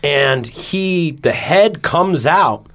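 A man on a podcast telling a personal story in casual chat, animated and swearing freely, acting out his own shouts. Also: fairly high pitch, extremely slow. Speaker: podcast co-host.

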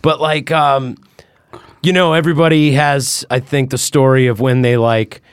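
A man's voice: medium pitch, fairly even intonation, normal speed, smooth, no echo, clean studio sound. A man in a casual podcast chat, telling loose, profane stories that lean on filler words. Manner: rambling storyteller, loose and profane, acts out voices in quotes.

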